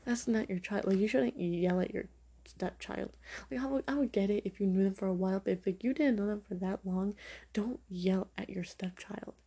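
Blunt young woman with a mellow, husky voice. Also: medium pitch, moderate pace. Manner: frank and opinionated, many fillers. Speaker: podcast host. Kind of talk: casual podcast monologue.

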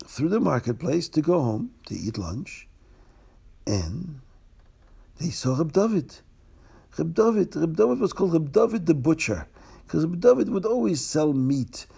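A man retelling a religious story in a lively way, with asides to the listener, and a gravelly, husky voice. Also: on the high side.

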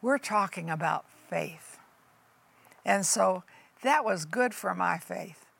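A woman's voice: on the low side, slow pace, creaky, fairly bright tone, breathy edge. An older woman pastor giving a folksy, emphatic sermon testimony that calls listeners honey and folks.

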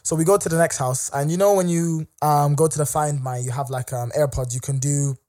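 A young man, a guest on a podcast, telling a long story in a casual, animated way. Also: fairly high pitch, a little fast. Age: young adult. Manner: animated, conversational, acts out the other people's lines. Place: podcast studio.

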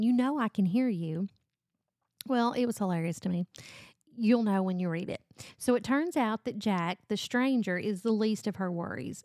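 A woman's voice: medium pitch, vocal fry, a little mellow, no echo, studio quality. A middle-aged woman hosting a book review podcast, chatting casually and gushing about the books she loves. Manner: gushing, enthusiastic.

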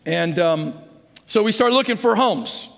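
A middle-aged pastor preaching from the stage with a notably high, light voice. He talks like he's chatting with his congregation, storytelling and then praying. The sound carries a long reverb from the big sanctuary. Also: animated, measured pace, vocal fry. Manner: conversational storytelling, sliding into prayer. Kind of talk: sermon. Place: large church sanctuary. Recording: reverberant church hall.

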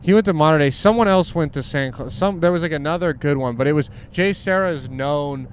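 A man's voice: a little high, a little fast. Brief: easygoing young guy, casual car-ride banter, swears freely, faint road noise. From Southern California. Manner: laid-back, swearing, laughing, trailing off. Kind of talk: casual chat with a friend. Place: inside a moving car.

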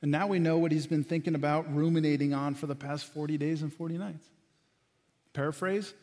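A man delivers a sermon from the pulpit, his voice sitting a little high. He preaches with animation, acting out quotes and dropping to hushed lines. The sound carries a long reverb from a large church hall. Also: steady tone, fast. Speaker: pastor.

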